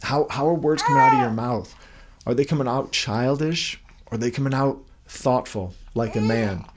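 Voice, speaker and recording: A man's voice: medium pitch, normal speed, very noisy. A young man giving an earnest devotional talk as a podcast host, asking many questions while holding his baby at home.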